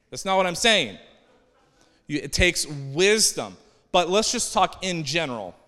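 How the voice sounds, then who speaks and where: A man's voice: a little high, expressive, unhurried, sharp tone. A man preaching a sermon as a pastor in a large church, speaking in a loose, joking, conversational way. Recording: long hall reverb.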